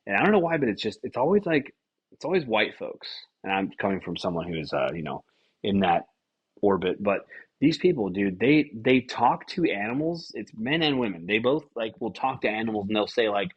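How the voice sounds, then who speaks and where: A husky young man with a lowish voice riffs on whatever comes to mind, swearing freely and jumping into little acted-out lines. The sound is slightly dull and lo-fi. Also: moderate pace. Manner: rambling, profane, animated with acted-out quotes. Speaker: podcast host. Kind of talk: casual comedic monologue.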